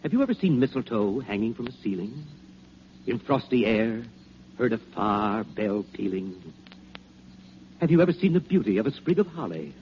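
An actor playing a patient, persuasive old Santa Claus, speaking calm, coaxing rhyming verse in 1940s radio acting. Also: male voice, on the low side, moderate pace. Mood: wistful. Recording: dull, faintly hissy old radio recording.

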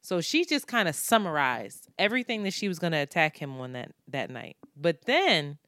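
Woman, podcast co-host, casual chat, animated and joking, lower voice, dry close sound. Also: normal speed, dry recording. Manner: animated, joking storyteller, laughs often.

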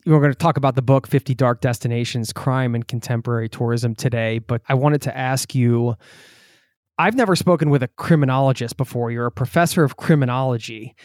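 A man's voice: mid-range voice, a little fast, dry recording, clean studio sound. A man hosting a travel podcast, greeting listeners and chatting with his guest in a friendly, upbeat, casual way. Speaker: podcast host. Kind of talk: podcast intro and casual interview.

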